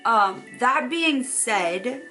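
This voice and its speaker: A young woman talking to her phone camera in a casual, animated advice vlog, acting out quoted voices now and then. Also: a little high, extremely slow, faint music behind. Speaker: vlogger.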